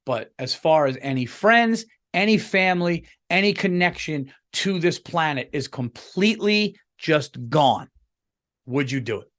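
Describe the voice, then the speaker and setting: A man's voice: a little high, expressive, measured pace, a bit bright. Rambling, profane male podcast host. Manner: rambling, profane, full of restarts. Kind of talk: casual comedic monologue. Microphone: podcast microphone, on camera.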